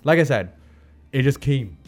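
A man's voice: medium pitch, expressive, normal speed. A man from Canada chatting as a podcast guest, voice sitting mid-range, loose and slangy, full of restarts and asides. Faint music runs underneath. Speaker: guest, comedian and chef. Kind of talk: casual interview chat.

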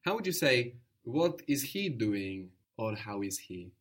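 Male tutor, patient and encouraging, mid-pitched voice, explains step by step. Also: very animated, a little slow. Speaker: language teacher. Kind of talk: spoken language lesson.

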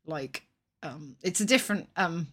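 A woman's voice: low-pitched, a little slow, a bit bright, breathy edge. A woman co-hosting a podcast, chatting casually in a wry, meandering way. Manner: chatty, wry, frequent ums. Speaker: podcast co-host. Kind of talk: casual chat.

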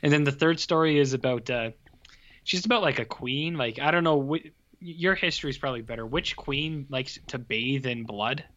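Bright-voiced rambling guy on lo-fi audio. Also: mid-range voice, moderate pace. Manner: laid-back, rambling, joking. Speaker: podcast co-host. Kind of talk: casual chat. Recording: dull lo-fi audio.

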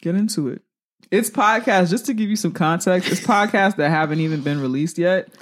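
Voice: mid-range voice, brisk. Blunt New podcast co-host. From New York. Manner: backs up co-host, profane, blunt. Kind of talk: casual podcast chat.

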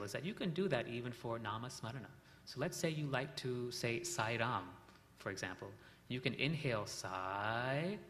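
A man teaching a meditation lesson, calmly explaining and telling stories, asking his listeners questions now and then. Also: mid-range voice. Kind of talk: spiritual lesson recap with storytelling. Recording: reverberant hall with faint ambient noise.

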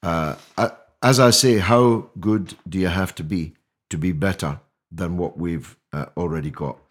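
A man's voice: low voice, unhurried. An older man, a guest on a podcast interview, talking in an emphatic, rhetorical way with many restarts. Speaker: mayoral candidate guest.

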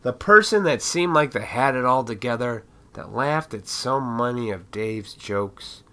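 A man with a cold, his voice raspy, hosting a solo podcast and ranting in a heated, profane way. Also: medium pitch, expressive, a little slow, bright, forceful tone. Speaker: podcast host.

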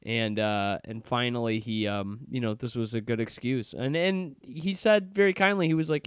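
A man's voice: medium pitch, normal speed, hardly any pauses, clean tone, no room sound, studio quality. A young man hosting his podcast, rambling through a casual self-deprecating intro in a sardonic tone. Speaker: podcast host. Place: office in Chicago.

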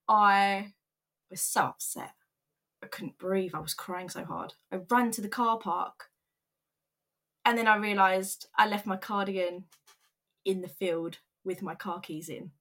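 Young woman, candid personal vlog storytelling, earnest and open, mid-pitched voice. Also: a little slow, long pauses, fairly bright tone. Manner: candid, earnest, emotional retelling with quoted voices.

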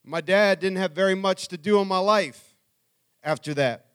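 Man, middle-aged, earnest personal testimony talk, slightly raised pitch, acts out dialogue. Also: normal speed, clean tone. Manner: earnest, storytelling, quotes people in dialogue. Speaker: speaker.

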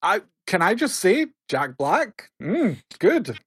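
A man's voice: sits high, big pitch swings, slow, fairly bright tone, slightly rough. A man co-hosting a casual gaming podcast, talking wryly and making jokes. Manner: wry, joking. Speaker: podcast co-host. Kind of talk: casual gaming news chat.

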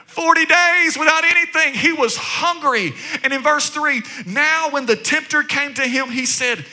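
A man's voice: very high-pitched, a little slow, hardly any pauses, bright, forceful tone. A man preaching a sermon, repeating phrases rhythmically, calling out to his listeners and joking with them. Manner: rhythmic repetition, call-and-response exclamations, joking asides. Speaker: pastor.

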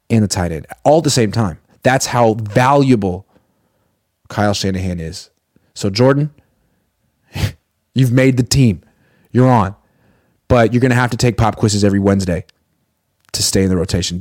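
A man hosting casual sports commentary, talking in a sarcastic, deadpan way. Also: fairly low pitch, no room sound, clean studio sound.

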